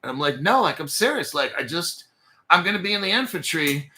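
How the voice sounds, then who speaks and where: A very bright, sharp-toned man in his forties, a bit high for a man, rambling through a casual livestream story. He swears freely, laughs between phrases, and jumps back to restart his sentences. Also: sing-song, fairly quick. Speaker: crypto channel host.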